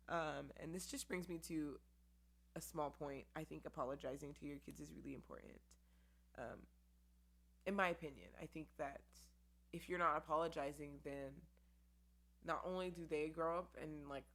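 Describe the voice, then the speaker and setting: Woman podcast host, low voice, candid rambling chat with plenty of "um" and "like", talking to camera. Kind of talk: casual solo podcast chat. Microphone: camera with mic.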